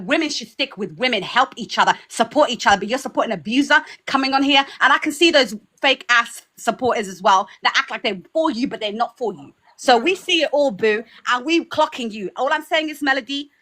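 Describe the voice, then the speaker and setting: A woman's voice: a little high, a little fast, hardly any pauses, pushed and bright. A woman with an accent giving a fiery, preachy pep talk as a guest on a livestream. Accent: foreign accent. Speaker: guest speaker.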